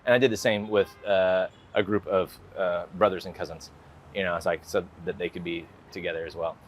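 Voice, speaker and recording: A man's voice: deep voice, fairly even intonation, brisk, a little hiss or hum. An American man in an interview, talking casually and rambling with lots of filler words. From United States. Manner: rambling, full of "like" and "you know" fillers. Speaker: guest artist.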